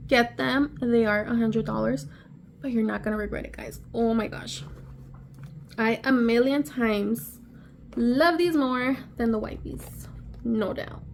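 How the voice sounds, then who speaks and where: A woman vlogger unboxing on camera, excitable and gushing, gasping often and sometimes dropping to a breathy whisper. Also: on the high side, a little hiss or hum. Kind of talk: casual unboxing vlog.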